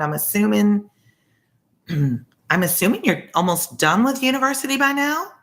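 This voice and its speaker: A woman's voice: on the low side, normal speed. A woman, a former teacher, reading a novel aloud and breaking off for chatty asides. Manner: chatty, warm-hearted asides, easily sidetracked. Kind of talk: casual read-aloud with asides.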